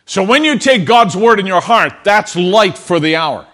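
Before his congregation, a pastor delivers an earnest sermon, repeating words and urging listeners to respond. His voice sits high and sounds pushed and bright, animated at a moderate pace.

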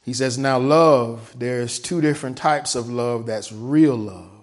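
A man preaching a sermon. He reads from a text and explains it, and he often stops to ask "right?" His voice swings from hushed to loud, and he draws out the key words. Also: medium pitch, a little slow.

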